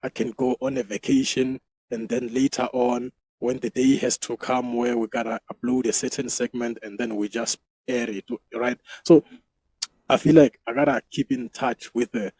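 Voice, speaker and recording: Casting note: South African man as a solo show host, husky, swearing freely, dry close sound. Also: mid-range voice, steady tone, moderate pace, darkish tone, no echo, poor audio. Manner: loose, profane, laughs at himself. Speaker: podcast host. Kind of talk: casual solo commentary.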